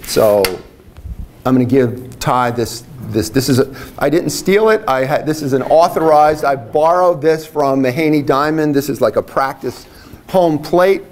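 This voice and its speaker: A man in his sixties, a biology instructor, giving a relaxed retirement lecture full of anecdotes, with lots of "like" fillers and restarts. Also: on the high side, a little slow, slight background noise.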